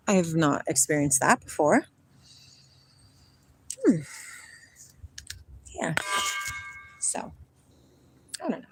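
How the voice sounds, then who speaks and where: A woman's voice: low-pitched, big pitch swings, takes it slowly, long pauses, slightly rough, no room sound. A middle-aged woman from Washington state, chatting playfully and rambling on a livestream outdoors by a river. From Washington state, USA. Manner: rambling, playful, drifts between chat and singing. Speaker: livestream host. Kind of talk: casual livestream chat with viewers.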